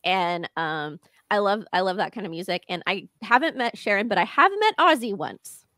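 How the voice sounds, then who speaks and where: A woman's voice: medium pitch, lively intonation, normal speed, pushed and bright, dry recording, studio quality. An American woman hosting a podcast, chatting in a bubbly, gushing way and laughing often. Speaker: podcast host. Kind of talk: casual interview chat.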